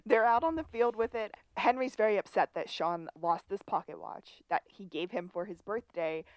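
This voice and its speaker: A woman's voice: mid-range voice, moderate pace, no echo. A woman co-hosting a podcast, walking through the episode's plot in casual chat. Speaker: podcast co-host.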